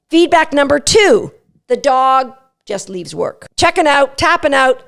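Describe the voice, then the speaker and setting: High, gravelly woman coaching dog trainers. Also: measured pace. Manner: animated, emphatic, playful. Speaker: dog agility trainer and podcast host. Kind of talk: instructional podcast talk.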